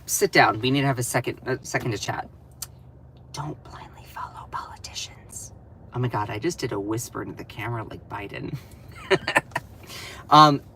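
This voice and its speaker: A Southern man with a Southern American accent, giving sassy, animated political commentary on a casual live stream. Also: fairly high pitch, husky, rough recording. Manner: sassy, animated, teasing asides.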